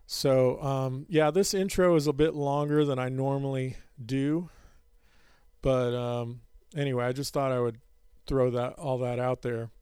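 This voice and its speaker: Smooth-voiced man hosting a podcast. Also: mid-range voice, fairly even intonation, measured pace, darkish tone, dry recording, studio quality. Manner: hesitant with many fillers, self-mocking. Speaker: podcast host. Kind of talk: casual podcast talk and Bible study.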